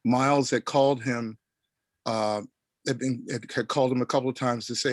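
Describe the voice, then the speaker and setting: A middle-aged man from Oklahoma telling a story on a panel, animated and rambling with many restarts. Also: mid-range voice, normal speed, dry recording. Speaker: panel guest.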